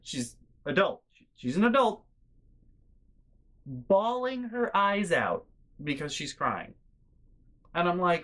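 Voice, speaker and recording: A man's voice: sits high, big pitch swings, takes it slowly, long pauses, a bit bright. A man hosting a storytelling vlog, chatty and exasperated as he tells a family story. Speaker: host.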